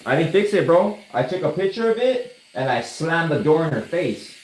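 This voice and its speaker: A man's voice: on the high side, big pitch swings, moderate pace, darkish tone, reverberant, rough recording. A man who is a tattoo artist, telling stories on a livestream in a laid-back, slangy, swearing way. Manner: laid-back, slangy, swearing, laughing at his own story. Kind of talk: casual livestream storytelling. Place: tattoo studio during a live session.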